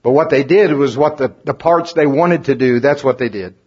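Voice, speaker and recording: Speaking at normal speed, the preacher gets folksy and animated before the congregation, pushing his pitch and volume up at key moments. The dull, lo-fi recording catches his husky voice and drying mouth.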